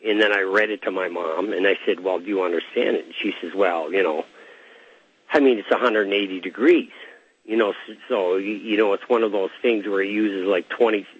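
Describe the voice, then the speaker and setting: Husky low-voiced hesitant male caller. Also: fairly quick. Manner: hesitant, rambling, many fillers. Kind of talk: phone-in call. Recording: dull lo-fi call audio.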